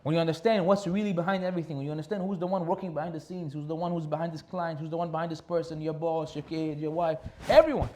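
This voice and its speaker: Talking fast with few pauses, this man preaches as a rabbi in a voice on the high side. His sermon is full of lively storytelling, and he comes back to key phrases again and again to stress them.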